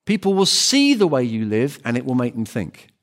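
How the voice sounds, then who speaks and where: A man's voice: medium pitch, huge pitch swings, moderate pace. A man preaching a sermon in an earnest, emphatic way, often repeating phrases and restarting words.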